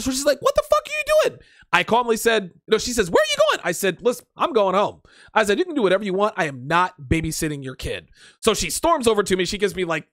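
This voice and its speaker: A fairly high-voiced man hosts a livestream in a crude, profane, blunt manner. He reads viewer comments aloud and shoots back his reactions. His voice is dry and close, with no room sound. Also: a bit bright, dry recording. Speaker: podcast host. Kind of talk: casual livestream chat.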